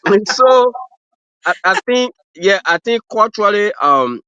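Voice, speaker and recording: A man's voice: sits high, lively intonation, slow, sharp tone, clear, resonant tone, no echo. A man from Africa with an African accent, a guest chatting casually on a livestream, rambling with lots of fillers and restarts. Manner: rambling, full of fillers and restarts, laughs at his own stories. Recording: dull lo-fi, dry stream audio.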